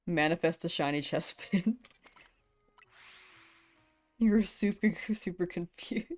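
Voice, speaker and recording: A woman's voice: lowish voice, slow pace, pauses often, soft background music. A young American woman live-streaming a game, chatting with her viewers and laughing often. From United States. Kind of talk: live gameplay stream chat.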